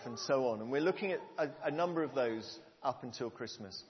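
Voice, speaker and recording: A man's voice: medium pitch, expressive, a little fast, hardly any pauses. A man preaching a sermon to a congregation, earnest and conversational, asking the room questions. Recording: long hall reverb, dull lo-fi sound.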